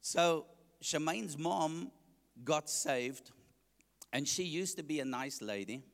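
A man's voice: a little high, expressive, slow pace, creaky, long pauses, long reverb tail. A man with a South African accent, an evangelist preaching his testimony to a congregation, joking and asking the listeners questions.

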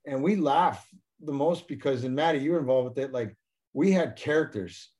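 A man's voice: mid-range voice, normal speed, a little mellow. A man, a former hockey player, telling stories as a guest in a casual interview, often repeating and restarting his words.

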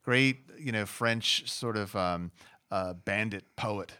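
A man's voice: lowish voice, slow, bright, forceful tone, smooth. A man co-hosting a casual film podcast, telling stories with many restarts. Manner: rambling storyteller, frequent restarts. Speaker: podcast co-host.

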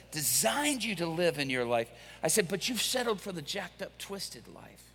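A male pastor preaching, telling a story with lively acted-out quotes. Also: fairly high pitch, normal speed, few pauses, a little hiss or hum. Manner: animated, acts out quoted voices. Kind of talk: sermon storytelling. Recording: echoey hall.

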